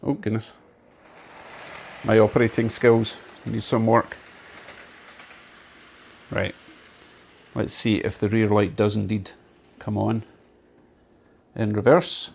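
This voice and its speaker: A man's voice: lowish voice, level tone, takes it slowly, gravelly, pauses often, darkish tone, a little hiss or hum. A man hosting his model railway channel, giving casual, enthusiastic commentary that pokes fun at himself as he runs a model train around his layout at home. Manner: chatty, enthusiastic, lightly self-mocking.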